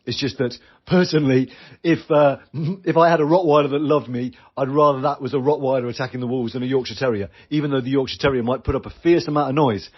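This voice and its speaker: Husky British man coaching on a podcast. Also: mid-range voice, fast, dull audio. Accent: British English. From Britain. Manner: earnest, animated, acts out quoted voices. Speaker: podcast host. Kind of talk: solo podcast coaching talk.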